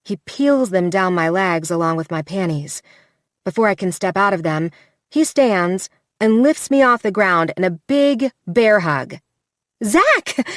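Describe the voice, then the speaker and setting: A woman narrating a first-person romance audiobook in an intimate, measured way, close to the mic. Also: on the low side, no room sound. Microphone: close studio mic. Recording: dry studio recording.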